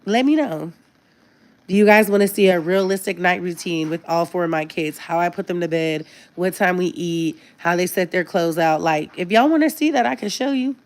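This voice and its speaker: A woman in her thirties talks straight to her live-stream viewers in a relaxed, conversational way. Her voice sits on the low side, and her tone is earnest and candid. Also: moderate pace. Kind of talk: casual live-stream chat.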